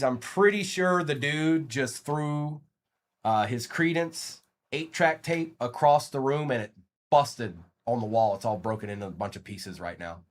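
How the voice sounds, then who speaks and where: This animated host of a live trading card break announces each card and chats casually with the people watching. His voice is mid-range, delivered at a normal speed.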